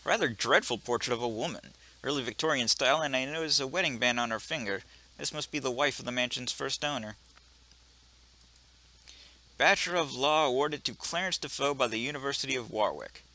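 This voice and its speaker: A man voicing a sardonic gentleman cat burglar in a put-on British accent, deadpan and wry, for a video game. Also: mid-range voice, a little fast. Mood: dry. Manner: dry, deadpan, wry asides. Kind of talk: video game voice-over reading.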